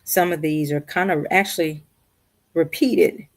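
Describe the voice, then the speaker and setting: A woman's voice: low voice, fairly even intonation, a little slow. A middle-aged woman counselor answering audience questions on a livestream, talking in a conversational way that keeps checking in with "right?" and "okay". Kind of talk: live-streamed Q&A advice. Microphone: streaming setup.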